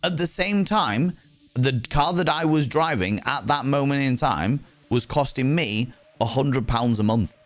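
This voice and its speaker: Animated, swearing British man streaming. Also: medium pitch, a little slow, faint music behind. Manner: animated storyteller, swears freely, greets chat playfully. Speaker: livestream host. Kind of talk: casual chat with viewers.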